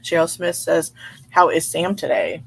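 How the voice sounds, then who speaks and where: A woman hosting a relaxed livestream, chatting with viewers, laughing often and reading their comments aloud. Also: sits low, measured pace, gravelly, slight background noise. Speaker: livestream host reading chat. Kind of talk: casual live chat.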